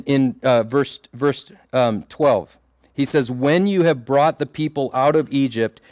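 Man, mid-pitched, preaching a heartfelt sermon, dry close recording. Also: darkish tone, no echo. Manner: earnest, emphatic, asks the group for "Amen?". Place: small gathering in a circle.

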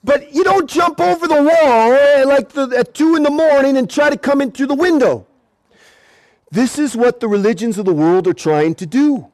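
A male preacher giving an animated evangelistic sermon at an outdoor gathering, repeating words and shouting at times. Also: very high-pitched, normal speed, no echo.

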